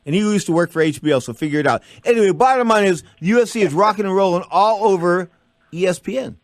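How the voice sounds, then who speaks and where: A man hosting a radio talk show, telling rambling, animated stories to his co-host and listeners. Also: high voice, fast, no echo, studio quality.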